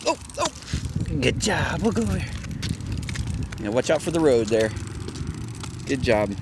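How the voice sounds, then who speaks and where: A man's voice: big pitch swings, moderate pace, pauses often, background noise. Man in sing-song pet talk, wildly swooping. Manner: coaxing, praising, hums "do do do" in a high sing-song. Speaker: dog owner filming a walk. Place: outdoors on a street.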